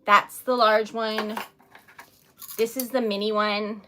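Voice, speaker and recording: A woman's voice: medium pitch, flat delivery, slow, pushed and bright, slight background noise. A young woman with a Rhode Island accent, chatting casually on a livestream with viewers, giggly and easily sidetracked. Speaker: livestreaming poet and craft seller.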